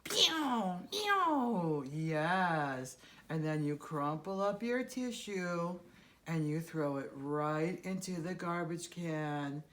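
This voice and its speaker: A woman's voice: low voice, slow, slight background noise. A woman hosting a children's puppet show, patiently explaining things to her puppet in a sing-song way.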